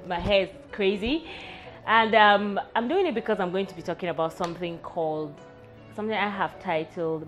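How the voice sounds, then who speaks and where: A young woman, hosting a candid personal vlog in a frank, wry, self-mocking way. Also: mid-range voice. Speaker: vlog host.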